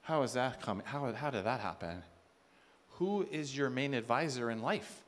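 A man giving a sermon at a conference, animated, acting out quoted voices and asking the crowd rhetorical questions. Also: mid-range voice, normal speed. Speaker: conference speaker.

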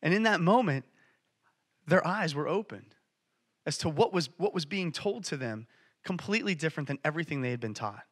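Bright, passionate male preacher. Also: fairly high pitch, animated, brisk. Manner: passionate, storytelling, emphatic. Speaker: church speaker. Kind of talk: sermon.

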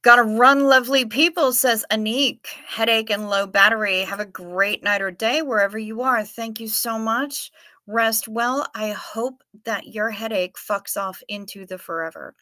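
A woman's voice: a little high, a little slow, bright, forceful tone, dry recording. A woman with a Minnesota accent hosting a livestream, chatting casually and reading viewer comments aloud in a playful way. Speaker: livestream host.

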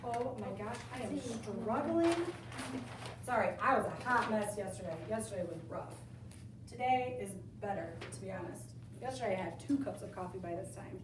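A young woman teacher giving a lesson to her class, chatty and animated, joking with the students. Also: mid-range voice, normal speed, noisy background. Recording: echoey room, camera from far off.

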